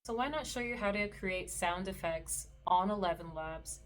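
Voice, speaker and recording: A woman hosting a screen-recorded tutorial, explaining settings in a relaxed, explanatory way with the odd soft laugh. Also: fairly low pitch, normal speed, slight background noise. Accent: Canadian. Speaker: meditation creator and tutorial host.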